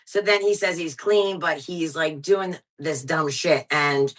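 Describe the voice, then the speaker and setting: A woman comedian in her thirties, telling blunt, profane stories in a high-energy way during a casual podcast chat. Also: unhurried, a bit bright, poor audio. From Pennsylvania, US. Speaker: stand-up comedian guest.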